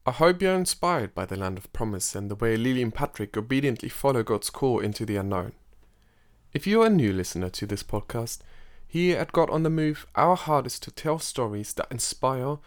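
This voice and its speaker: A man's voice: medium pitch, big pitch swings, normal speed. A man hosting a podcast, reading a scripted announcement in an inviting tone. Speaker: podcast host. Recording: music bed behind the voice.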